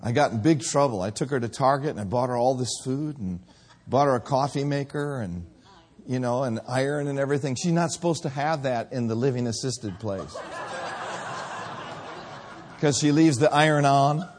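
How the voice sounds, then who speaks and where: A man preaching a sermon, telling stories and then building to shouted calls to the congregation. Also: medium pitch, normal speed. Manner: storytelling, rising to shouted exhortation.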